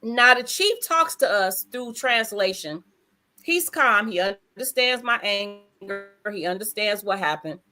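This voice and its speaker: A woman, telling a story in casual chat with lively emphasis, acting out the voices she quotes. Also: medium pitch, a little slow, soft background music. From United States.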